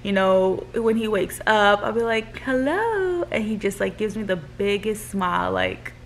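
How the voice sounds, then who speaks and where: A woman's voice: medium pitch, animated, normal speed, slight background noise. A young woman, a new mother, chatting casually to camera with many "like" fillers.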